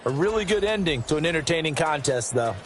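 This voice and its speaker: A man giving measured, explanatory football analysis as a color commentator for a video game. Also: fairly high pitch, expressive, faint music behind.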